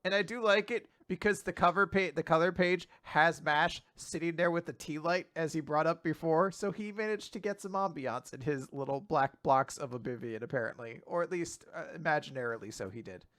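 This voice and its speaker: A man's voice: on the high side, brisk, few pauses, a bit bright, dry recording, studio quality. A young man hosting a casual manga recap podcast, chatty with laughing asides. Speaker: podcast host.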